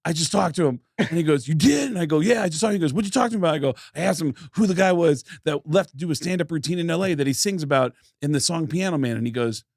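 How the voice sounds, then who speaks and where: High-voiced laughing male comedian. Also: quick pace, hardly any pauses, a little mellow, dry recording, clean studio sound. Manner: storytelling, acting out quotes, laughing. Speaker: comedian podcast co-host. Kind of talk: casual comedic chat.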